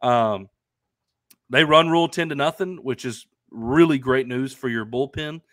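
A man's voice: mid-range voice, measured pace, fairly bright tone, no room sound, studio quality. A man co-hosting a casual sports talk stream, sounding stuffy and nasal from allergies, upbeat and chatty with lots of fillers. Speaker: co-host. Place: at home in Arkansas. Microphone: remote stream microphone.

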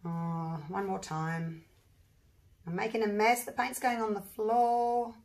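Husky woman chatting thru her paint pour, thinks out loud, gets all excited, medium pitch. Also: takes it slowly. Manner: chatty, thinks aloud, bursts into excited exclamations. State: husky voice from allergies. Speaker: acrylic pour artist. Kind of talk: casual demonstration while working.

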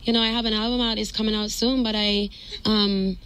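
A woman's voice: mid-range voice, level tone, fairly quick, fairly bright tone, clear, resonant tone, low-quality recording. A woman guesting on a radio show in a studio, playfully switching between put-on accents, speaking into a studio mic. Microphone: studio mic and headphones.

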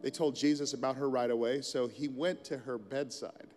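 Middle-aged male pastor, mid-range voice, relaxed storytelling sermon, echoing church hall. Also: mid-range voice, normal speed, soft background music. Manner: casual, storytelling delivery with asides.

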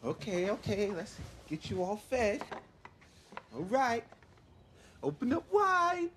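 An actor playing a flustered, worn-out young husband who talks slowly and drifts into baby talk. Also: male voice, high-pitched, very animated, noisy background, exaggerated voice. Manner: slow, bewildered, baby talk to an infant.

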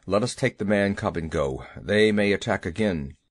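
A man's voice: low-pitched, expressive, unhurried, no room sound, studio quality, pitched below the performer's own voice. A man voicing a proud male panther in a children's audiobook, speaking sternly and a little out of breath. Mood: urgent. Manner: gasping, stern.

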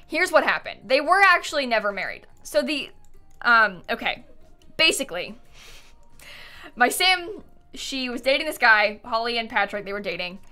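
A young woman with a fairly high, sharp-toned voice streams a life-sim game, chatting casually and playfully. She laughs a lot and scolds her game characters, with faint game music playing in the background.

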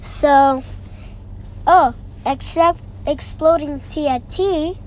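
A woman who is sick, rambling excitably through let's-play commentary and repeating her phrases. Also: high voice, slow pace, a little hiss or hum, rough recording. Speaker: gamer.

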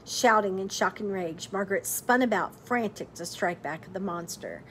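Woman, storybook read-aloud, expressive, teacher-like asides, mid-pitched voice. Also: slight background noise. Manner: expressive, pauses to quiz listeners.

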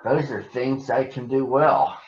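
A man voicing a gentle, earnest young male elephant in a storybook reading, raising his voice to sound childlike. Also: medium pitch, steady tone, a little slow, slight background noise, natural voice. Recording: echoey, muffled room recording.

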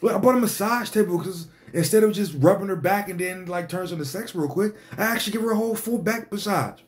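A man's voice: high voice, fast, natural voice. A man voicing a boastful guy who eagerly shows off what he offers women. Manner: bragging, eager to impress. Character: boastful man showing off his dinners, house and car.

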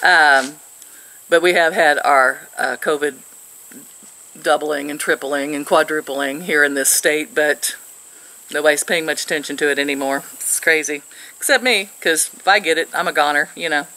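A woman's voice: low-pitched, normal speed, bright, forceful tone, poor audio. An older woman from Missouri, sitting outdoors and chatting to camera as she tells a rambling story with frequent laughs. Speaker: vlogger.

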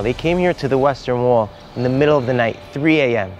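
A man's voice: mid-range voice, a little fast, soft background music. A man, a rabbi and tour guide, telling a heartfelt story to visitors outdoors at a holy site, with Hebrew phrases mixed in.

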